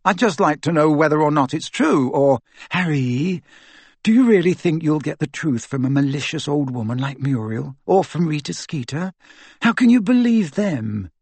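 A man's voice: on the high side, expressive, normal speed, darkish tone, slightly rough, dry recording, pitched above the performer's own voice. A man reading an audiobook, voicing a clever, earnest teenage girl in a raised voice. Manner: earnest, urgent. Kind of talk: audiobook character voice.

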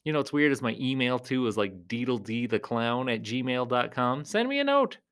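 A man who works as a clown entertainer, chatting casually and playfully in a rambling vlog, often jumping into high silly tones. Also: steady tone, normal speed, fairly bright tone.

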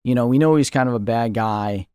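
A man guesting on a podcast, working through his thoughts on a film slowly and thoughtfully. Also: medium pitch, dark tone, smooth, no room sound. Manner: thoughtful, searching for words with fillers and restarts. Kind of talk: casual film discussion.

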